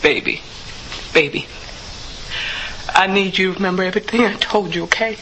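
Give me an actress playing a gentle older nanny, soft and bright. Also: female voice, mid-range voice, moderate pace, a little hiss or hum, close to an everyday voice, poor audio. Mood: tender sad. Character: older woman nanny, tender and loving. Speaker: film character. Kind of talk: film drama acting.

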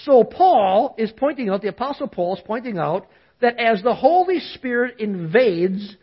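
Husky-voiced male pastor preaching. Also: very high-pitched, moderate pace, dull audio. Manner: lively preaching, calls on listeners to repeat after him. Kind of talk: sermon.

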